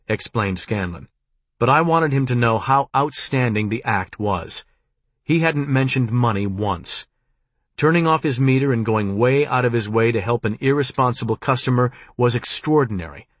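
A man reading a nonfiction audiobook in a measured, deliberate narration. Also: mid-range voice, dry recording.

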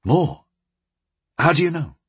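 An eager young mage, as a male narrator plays him, pitched higher than the narration, pressing with quick, urgent questions. His husky voice swings widely in pitch. The recording is dry and close. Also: expressive, no echo, heavily acted.

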